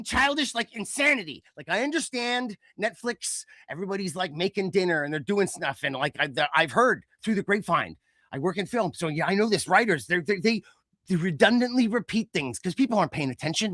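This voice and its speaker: A man with a high-pitched voice rants with animated sarcasm as a podcast co-host. His delivery is dry and close, with no room sound around it. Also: fairly quick, no echo. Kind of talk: casual chat.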